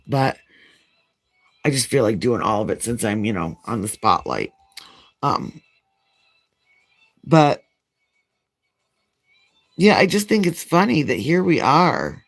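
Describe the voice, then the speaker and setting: A woman's voice: low-pitched, animated, slow, long pauses, soft background music. A woman chatting casually as a nail vlogger while she does her nails, telling a long, frank, rambling story.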